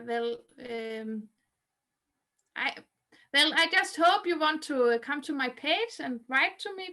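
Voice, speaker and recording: Woman interview guest, hesitant and halting, high bright voice. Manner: hesitant, many restarts and fillers. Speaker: guest cartoonist. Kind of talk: interview answers.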